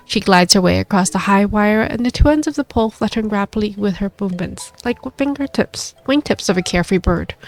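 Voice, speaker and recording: A woman playing a detective visual novel, reading the story aloud expressively and chatting between scenes. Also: mid-range voice. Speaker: let's play gamer.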